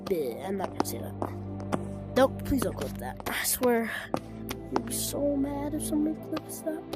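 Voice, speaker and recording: A woman's voice: high voice, big pitch swings, normal speed. A woman walking through a game she made, thinking aloud, trailing off and restarting her sentences, often dropping to a murmur. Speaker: game developer showing her own game. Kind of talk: casual game walkthrough commentary. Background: loud background music.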